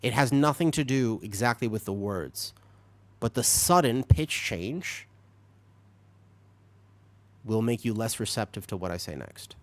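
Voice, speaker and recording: Low-voiced male streamer, dry close mic. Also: a little slow, long pauses, no echo. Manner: explains patiently, lively and talkative, laughs often. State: a little sick. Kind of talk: casual chat with stream chat while gaming.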